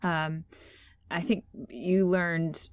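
A low-pitched woman in her thirties hosts a casual podcast chat. She tells her story loosely, with plenty of fillers and restarts. The sound is dry and close. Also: little pitch movement, very slow, no echo. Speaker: podcast host.

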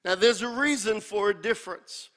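High-voiced man preaching in a reverberant hall. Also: moderate pace, a bit bright. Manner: calls for congregation responses; repeats key words for emphasis. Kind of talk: sermon teaching with scripture.

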